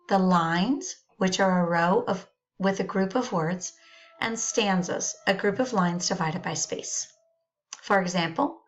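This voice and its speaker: A woman reading poems aloud and explaining their features in slow, careful phrases with pauses. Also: mid-range voice, highs cut off.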